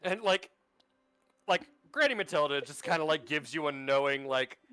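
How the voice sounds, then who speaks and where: A man's voice: fairly high pitch, expressive, moderate pace, bright, forceful tone, clear, resonant tone, faint music behind. A man narrating a tabletop role-playing game as game master, rambling and full of fillers. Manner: rambling, filler-heavy, lots of "like".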